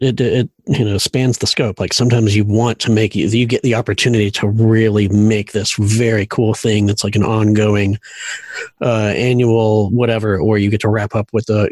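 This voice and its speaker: A man's voice: lowish voice, darkish tone, no echo, clean studio sound. A man talking as a guest in a casual chat, hesitant and restarting his sentences. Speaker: guest, designer.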